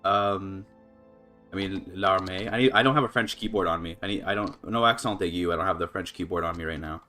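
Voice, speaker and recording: Low-voiced guy streaming a strategy game, rambles and restarts a lot, faint music behind. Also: fairly quick. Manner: rambling, thinks aloud with many fillers and restarts; laughs often, voice jumps up when excited. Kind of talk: casual live gameplay commentary.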